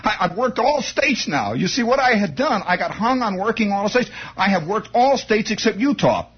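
An excitable man tells a comic anecdote in a high, husky voice, stammering and restarting as he builds momentum. The recording is muffled and lo-fi. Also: moderate pace. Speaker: storyteller. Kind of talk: comic first-person anecdote.

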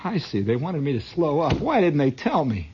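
A man's voice: a little high, big pitch swings, normal speed, a little mellow, slight background noise. A man voicing an exhausted, bewildered lab squirrel who pleads plaintively, on a dull lo-fi recording. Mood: puzzled.

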